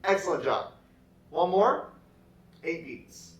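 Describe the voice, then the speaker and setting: Slow, patient man teaching music. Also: on the high side, expressive. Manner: slow, patient call-and-response instruction. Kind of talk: remote music lesson. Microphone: camera set away from him. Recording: echoey room, far from the mic.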